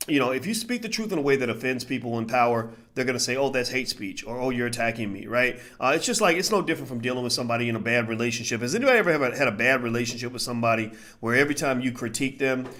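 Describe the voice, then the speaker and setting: A man's voice: mid-range voice, racing, hardly any pauses. A man talking casually to a live chat in commentary, repeating phrases and using lots of fillers. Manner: grows more animated and louder as he goes. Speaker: livestream commentator.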